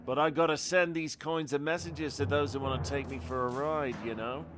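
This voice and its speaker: A man voicing a menacing male mob boss in a put-on Irish accent, talking in a slow, cold, threatening drawl over game music. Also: a little high, steady tone, lightly acted. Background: background game music.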